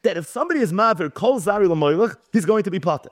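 This Torah teacher talks fast in a high-pitched voice, captured as clean studio sound with no room ambience. Teaching Talmud, he reads Hebrew and Aramaic passages, renders them in translation, and brings the story to life by voicing its characters.

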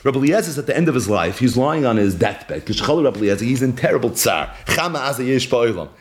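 Lively man teaching Talmud. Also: quick pace, a little hiss or hum. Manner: animated, swings between high and low when telling the story; mixes Hebrew and Yiddish terms into English. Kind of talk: Talmud lecture.

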